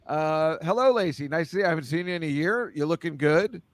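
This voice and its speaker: A man's voice: a little high, animated, quick pace. Rambling, laughing male picks host. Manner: loose, rambling, laughs often. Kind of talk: casual football picks chat.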